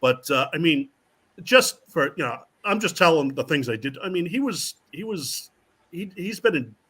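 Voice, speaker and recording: A man tells rowdy stories as a guest, cursing freely and acting out every quote. His voice sits a little high and swings widely in pitch. The tone is bright and forceful. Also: normal speed, slightly rough. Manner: animated, acts out quotes, swears freely. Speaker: guest, professional wrestler. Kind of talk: casual storytelling.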